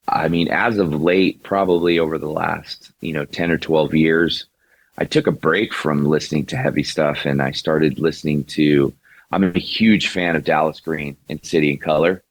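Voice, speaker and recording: Brief: male guest, very low voice, loose rambling talk, dry close audio. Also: steady tone, measured pace, no echo. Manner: rambling, many restarts and fillers. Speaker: singer and songwriter, guest. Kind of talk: casual interview conversation.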